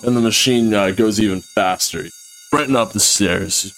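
A man's voice: lowish voice, measured pace, a bit bright. A man playing a tabletop game, describing his character's actions casually. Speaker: player.

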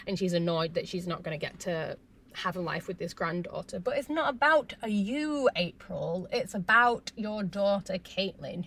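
A woman talking casually to camera as she recaps a reality show. Her voice sits at an ordinary middle pitch. She is chatty and opinionated, reacting with feeling as she goes. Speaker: vlogger recapping a reality TV episode.

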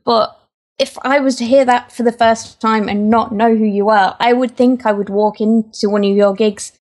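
English woman, higher voice, friendly, gently teasing. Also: steady tone, normal speed. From England.

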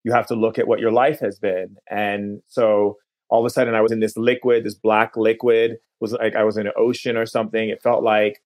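A man, a podcast guest, telling a long personal story in an earnest way, slowing down at key moments and restarting phrases. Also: lowish voice, level tone, darkish tone.

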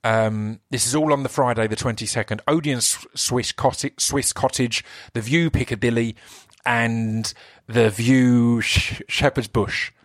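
Podcast host, a man with an Essex accent, mid-range voice in a dry booth, talks fast and excited with lots of restarts. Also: medium pitch, dry recording. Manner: enthusiastic, rambling, self-interrupting. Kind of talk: solo podcast intro.

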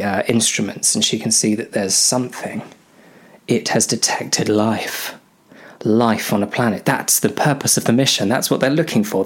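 A man improvising a space story aloud, rambling and self-mocking. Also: fairly low pitch. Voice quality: self-mocking, full of ums and restarts.

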